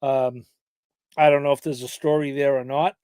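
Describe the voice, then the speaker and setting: A man co-hosting a podcast, casually talking through his horse race picks in a hesitant way, with many pauses and restarts. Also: medium pitch, level tone, a little mellow, clean tone, no echo. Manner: hesitant, lots of fillers and restarts. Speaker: podcast co-host handicapping horse races. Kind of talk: casual chat.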